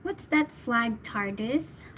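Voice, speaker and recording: A woman's voice: a little high, lively intonation, slow pace, a bit bright, a little hiss or hum, poor audio. A woman from the Philippines, a tarot reader chatting casually with her livestream viewers in a giggly, talkative way.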